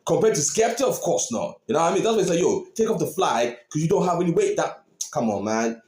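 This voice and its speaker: A man hosting a reaction video, chatting excitedly, laughing often and repeating his catchphrases. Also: on the high side, fast talker, echoey room. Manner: animated, laughs often, repeats "you know what I mean". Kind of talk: excited casual commentary.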